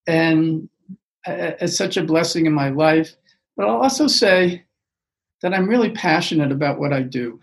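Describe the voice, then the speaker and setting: Older male physician guest, earnest and reflective, voice sits a bit high. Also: poor audio. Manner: earnest, reflective, often restarting phrases. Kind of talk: interview conversation.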